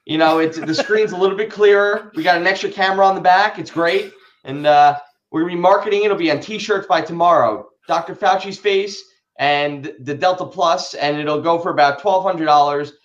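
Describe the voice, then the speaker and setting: A man's voice: a little high, fairly quick, muffled recording. A man in a casual podcast discussion, riffing with jokes and sarcasm. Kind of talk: casual podcast panel talk.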